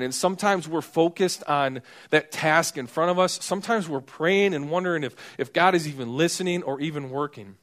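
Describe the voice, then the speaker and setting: A man's voice: fairly high pitch, fairly bright tone. A man preaching a sermon in a conversational way, acting out the people in the story. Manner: conversational, acts out quoted characters.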